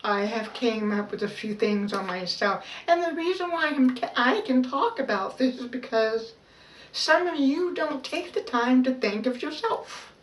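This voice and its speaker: A woman vlogging a personal self-help talk in a slow, halting, heartfelt way, pausing and restarting as she speaks. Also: high voice. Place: outdoors. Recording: roomy echo, voice a bit far from the mic, faint background noise.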